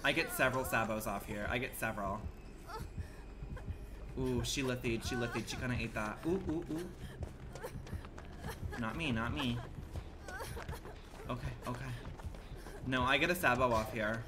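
A man streaming a game live, reacting in an animated, exclamatory way with slangy, profane banter. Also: medium pitch, moderate pace, long pauses, background noise. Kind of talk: live gaming commentary.

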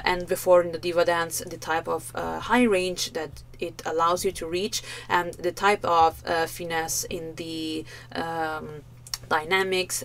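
Woman vocal coach, lowish voice, unhurried, filler-heavy analysis. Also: a little hiss or hum. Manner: thoughtful, many fillers, demonstrates vocal sounds. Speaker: vocal coach reacting to a performance. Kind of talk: reaction video analysis.

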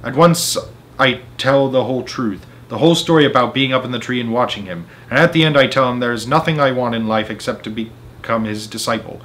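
A man reading a children's story aloud in first person, with dramatic swings between loud and soft. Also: mid-range voice, a little fast.

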